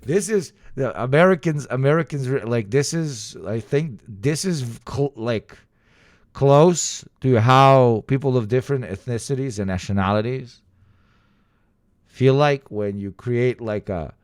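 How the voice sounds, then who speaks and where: A man with a Balkan accent, a streamer talking casually to chat, loud and profane with frequent laughing. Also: unhurried, dry recording, studio quality. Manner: loud, profane, laughing, swings into high outbursts.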